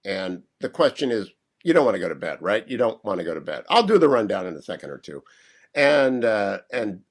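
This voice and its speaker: A man's voice: fairly low pitch, big pitch swings, brisk. A man hosting a radio talk show from a hotel room, goofy and rambling with jet lag.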